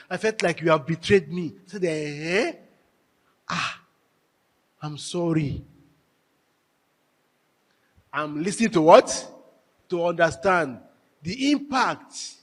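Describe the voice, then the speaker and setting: A man's voice: high-pitched, a bit bright, breathy edge. A man giving a marriage workshop talk, telling stories and acting out both spouses. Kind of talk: lively workshop talk with acted anecdotes. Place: workshop hall.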